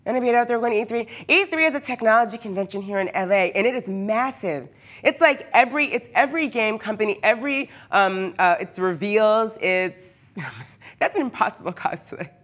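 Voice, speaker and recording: A woman's voice: medium pitch, lively intonation, brisk, fairly bright tone. A hyper, chatty woman who often laughs, talking casually with her live viewers from her workshop. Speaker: cosplayer streaming live. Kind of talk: casual livestream chat with viewers.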